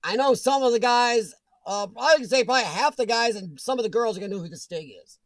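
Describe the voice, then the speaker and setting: A man's voice: extremely high pitch, fast talker, no echo. A man hosting a casual livestream, reading viewer comments aloud, joking and laughing often. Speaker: livestream host reading chat. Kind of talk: casual chat.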